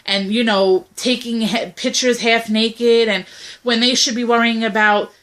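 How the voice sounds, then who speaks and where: A woman's voice: on the high side, fairly even intonation, measured pace, fairly bright tone. A young woman co-hosting a casual talk video, speaking bluntly and animatedly, often acting out quoted messages. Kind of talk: casual opinionated chat.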